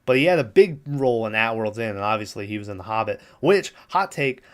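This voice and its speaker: Lowish in pitch and fast-talking, this animated man hosts a podcast where he recaps a film. His retelling wanders casually, sprinkled with profanity and occasional laughter over the scenes.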